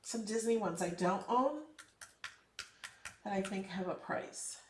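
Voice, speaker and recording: A woman's voice: mid-range voice, slow pace, darkish tone, reverberant, recorded from a distance, slight background noise. A woman hosting a casual live craft tutorial, chatty and upbeat, encouraging and emphatic when giving advice. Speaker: craft channel host.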